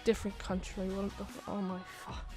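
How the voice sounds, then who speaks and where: A woman's voice: medium pitch, completely flat delivery, fairly quick, darkish tone, faint music behind. Rambling, giggly woman telling a story. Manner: rambling, full of "like" fillers and restarts, giggly asides. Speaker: channel host telling a story. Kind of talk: casual storytime chat. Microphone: desk microphone.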